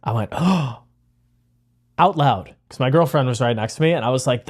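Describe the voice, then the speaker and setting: A young man giving casual, rambling commentary on his own chess game, excitable and full of fillers. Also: medium pitch, a little fast. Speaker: chess content creator.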